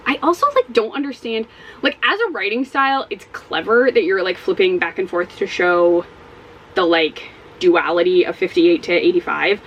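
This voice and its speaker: A woman giving a casual spoken book review as a vlogger, animated and exasperated, swearing often. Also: on the low side, moderate pace, lo-fi sound, slight background noise.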